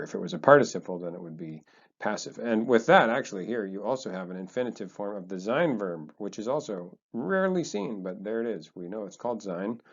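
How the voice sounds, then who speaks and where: Casting: low male teacher, relaxed, chatty walkthrough, muffled lo-fi mic. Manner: relaxed, chatty, thinks aloud with fillers. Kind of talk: casual explanatory lesson.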